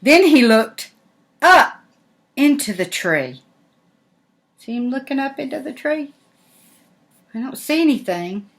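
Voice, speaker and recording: Older grandma reading a picture book, slow and lively, keeps asking what you see. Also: female voice, high-pitched. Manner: animated, asks the listener questions. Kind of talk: storybook read-aloud.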